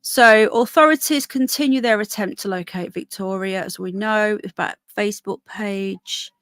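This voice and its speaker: Chatty woman live-streaming, a bit hoarse. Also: medium pitch, moderate pace, a bit bright, no room sound. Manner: chatty, reads out viewer comments and news text. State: hoarse, voice keeps going. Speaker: livestreamer. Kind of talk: casual live-stream chat, reading chat and news aloud. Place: outdoors in a small town.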